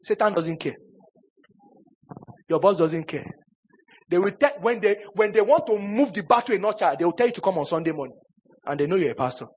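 Husky, high-voiced preacher. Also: male voice. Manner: emphatic preaching with repetition and sudden loud bursts. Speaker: pastor. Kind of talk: sermon. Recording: dull lo-fi sermon recording.

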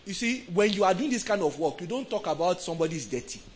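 A man with a Nigerian accent preaching a sermon, emphatic, swinging from soft to loud and asking the crowd questions. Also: high-pitched, very animated, fast, slight background noise, low-quality recording.

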